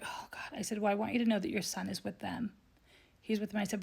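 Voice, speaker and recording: A woman, a psychic medium, telling a personal story in a vlog, earnest and tearful, often dropping to a soft whisper. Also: medium pitch, vocal fry, husky.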